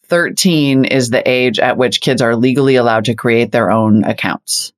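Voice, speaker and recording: A middle-aged woman co-hosting a podcast, teasing and quick with her interjections. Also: very deep voice. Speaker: podcast co-host. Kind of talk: casual podcast discussion.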